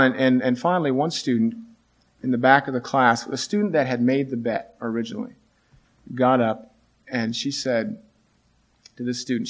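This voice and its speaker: Earnest man telling a classroom story. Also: medium pitch. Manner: earnest and halting, with many restarts, rising when he quotes students. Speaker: teacher. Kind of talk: storytelling talk.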